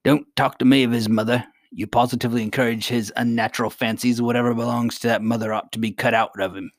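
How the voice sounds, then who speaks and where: A man reading aloud and voicing a haughty, quarrelsome goblin queen with a sharp, scornful manner. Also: mid-range voice, steady tone, fast, no echo, studio quality, lightly acted.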